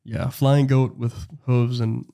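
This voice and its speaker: A young man co-hosting a casual podcast, reading folklore aloud and joking around in an animated way. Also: medium pitch, a little slow, creaky. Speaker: podcast co-host.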